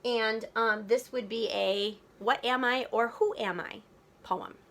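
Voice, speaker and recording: A woman teacher talks her students through a lesson at an unhurried pace. Her voice is bright and sits a little high. She thinks aloud and sounds out words syllable by syllable. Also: fairly even intonation. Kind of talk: recorded classroom lesson.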